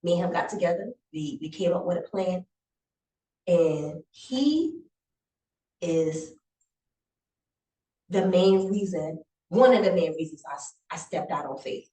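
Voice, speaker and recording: Woman, interview guest, animated storytelling, heartfelt, roomy echo, set back from the mic. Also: on the low side, a little slow, long pauses. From South Carolina Lowcountry. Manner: animated, acts out quotes, emotional and grateful. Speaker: guest, private chef and business owner. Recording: echoey room, voice from a distance.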